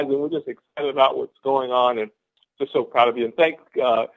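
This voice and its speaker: A man's voice: medium pitch, fairly quick. Hyped-up man on a phone call. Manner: exuberant, repetitive, laughs often. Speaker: guest speaker on a team conference call. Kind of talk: motivational pep talk. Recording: phone-line conference call.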